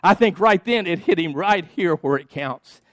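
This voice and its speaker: A high-voiced pastor preaches with emphatic, rhythmic repetition and frequent call-outs to the congregation. His voice is close and dry, with almost no room sound around it. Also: expressive, normal speed, a bit bright, dry recording. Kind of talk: sermon. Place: church sanctuary.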